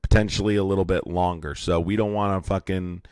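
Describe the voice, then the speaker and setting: A hoarse man hosting a live stream, talking bluntly and with a lot of swearing. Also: deep voice, fairly even intonation, brisk, darkish tone, dry recording, clean studio sound. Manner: blunt and profane. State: hoarse, sore throat.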